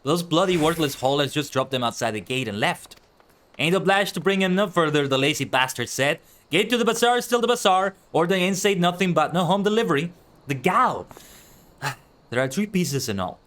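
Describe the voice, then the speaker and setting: An irritable fantasy-game merchant, indignant and complaining in a raised, huffy voice, as a man reads him out. The pitch rides a little above the reader's usual tone, and the grumbling never lets up. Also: expressive, brisk, fairly bright tone.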